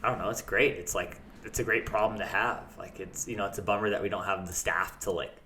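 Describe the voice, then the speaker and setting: A young man with a lowish voice talks through a casual interview in a loose, rambling way, swearing freely as he goes. The room is echoey, with a faint hiss under him. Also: steady tone, fast, bright, forceful tone. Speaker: chef and restaurant owner, guest.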